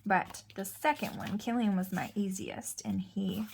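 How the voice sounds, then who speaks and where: Rambly mom vlogger in her 30s, lots of "like", a bit of vocal fry. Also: mid-range voice, unhurried, a little mellow, slight background noise. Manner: chatty, rambling, full of "like". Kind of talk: casual chat.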